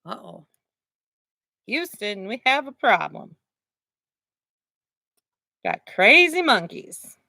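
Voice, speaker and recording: A woman teacher reads a picture book to preschoolers, animated and pausing to ask the children questions. Her voice is bright, lively and unhurried. The sound is dry and close. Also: a little high, gravelly, no room sound. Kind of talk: read-aloud for young children.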